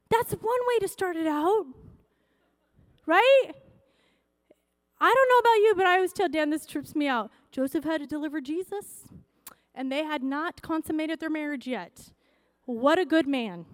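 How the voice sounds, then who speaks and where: A woman pastor preaching a sermon in a conversational, excitable way that rises to shouting. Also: very high-pitched, no room sound, studio quality.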